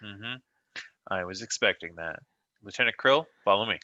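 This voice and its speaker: A man's voice: fairly low pitch, normal speed, pushed and bright, no echo, muffled recording. A man playing a tabletop role-playing game, speaking as a dry, sarcastic starship captain. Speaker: player.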